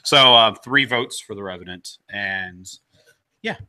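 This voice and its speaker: Bright-voiced low male co-host. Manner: halting, restarts sentences. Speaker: podcast co-host. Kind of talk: casual podcast chat.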